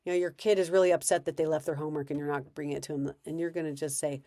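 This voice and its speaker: A woman's voice: low-pitched, very fast, few pauses, dark tone. A woman coaching parents in a conversational way, now and then acting out what a parent or child might say. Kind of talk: advice talk to parents.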